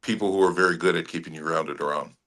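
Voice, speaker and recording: A middle-aged man from Hawaii, an actor being interviewed, talking in a relaxed way with frequent laughs and restarts. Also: low-pitched, quick pace. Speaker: actor guest. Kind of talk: casual interview chat.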